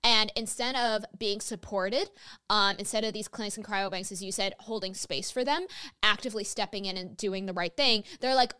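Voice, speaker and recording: A woman's voice: medium pitch, normal speed, pushed and bright, clear, resonant tone. A young woman hosting a podcast interview, talking in a spirited way and swearing freely. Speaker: podcast host. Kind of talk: casual interview chat.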